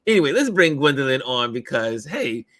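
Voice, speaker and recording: A man's voice: medium pitch, big pitch swings, moderate pace, fairly bright tone, no echo. A man hosting a casual live stream, upbeat and chatty, laughing often as he greets viewers over a video call setup. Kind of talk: casual chat.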